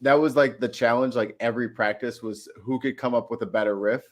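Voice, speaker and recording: A man joining a casual video chat as co-host, animated and joking, swearing casually. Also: mid-range voice, fairly quick.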